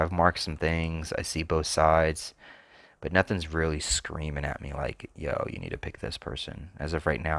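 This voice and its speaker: Man, extremely low voice, dry close sound, casual solo talk, hesitant musing. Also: fairly bright tone, no echo. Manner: thinks aloud, hesitant, trails off often. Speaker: sports picks channel host.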